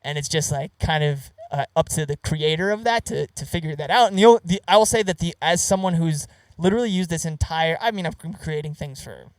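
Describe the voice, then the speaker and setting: Young man, podcast host, rambling chat, slightly high voice, a bit distant from the mic. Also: fairly quick, few pauses, dry recording. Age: young adult. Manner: rambling, says "like" often. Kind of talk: casual chat.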